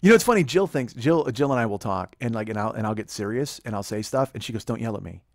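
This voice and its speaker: A man's voice: medium pitch, expressive, fast talker, dry recording, studio quality. A man in his forties hosting a comedy podcast, ranting in a rambling, profane way and mocking people with put-on quotes. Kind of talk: casual comedic chat. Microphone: close studio microphone.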